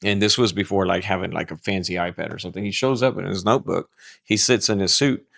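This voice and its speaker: Middle-aged man, deep voice, dry sound; animated storyteller who restarts his sentences, podcast guest pastor. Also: fast talker, vocal fry, no room sound.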